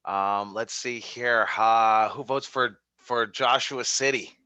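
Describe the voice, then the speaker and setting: A man's voice: medium pitch, steady tone, takes it slowly, pushed and bright, clean tone, no echo, muffled recording. A man teaching a wrestling class over a video call, giving feedback in a rambling way with many fillers and restarts. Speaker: wrestling instructor.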